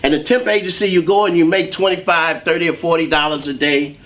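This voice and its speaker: A man's voice: on the high side, steady tone, fast, fairly bright tone. A man telling his life story as an interview guest, acting out the voices of the people in it. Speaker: guest, saxophonist.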